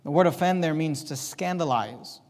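A man preaching a sermon with passion, dropping into low asides and rising to loud emphasis, often repeating words as he presses a point. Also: expressive, normal speed, big-room sound. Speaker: pastor.

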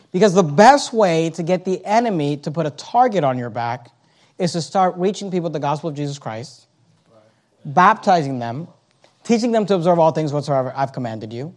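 High-voiced man preaching a sermon. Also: darkish tone. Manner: emphatic preaching with rhetorical questions; reads scripture aloud in King James wording.

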